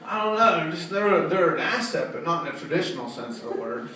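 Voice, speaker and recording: Loud, high-voiced comic in an echoey room. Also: male voice, expressive, quick pace, a little hiss or hum. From Pittsburgh area. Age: 40s. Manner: profane, loud, crowd-working. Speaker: stand-up comedian. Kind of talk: stand-up comedy set. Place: small art studio venue, indoors. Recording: distant echoey room recording with loud ambience. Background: audience laughter.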